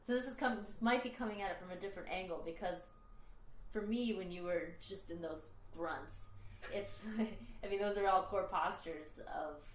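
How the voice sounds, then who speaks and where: A woman's voice: lowish voice, normal speed, a little hiss or hum. A woman hosting a podcast, thinking aloud in a casual, reflective way. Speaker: podcast host. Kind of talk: casual chat. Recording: echoey room.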